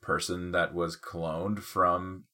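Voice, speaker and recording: A man's voice: deep voice, level tone, slow, bright, forceful tone. A man in his thirties, co-hosting a casual podcast, a bit drunk, crude and joking with frequent swearing. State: tipsy. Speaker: podcast co-host.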